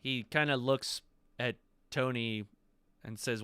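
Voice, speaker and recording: Bright, smooth-voiced man narrating a game. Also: mid-range voice, dry recording. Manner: relaxed, descriptive narration with quick asides. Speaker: game master.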